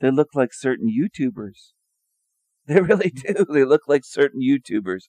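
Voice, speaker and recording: A man's voice: medium pitch, expressive, measured pace, warm tone, no room sound. A man giving a sarcastic, mocking monologue over images, firing rhetorical questions and repeating his phrases. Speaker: video commentator.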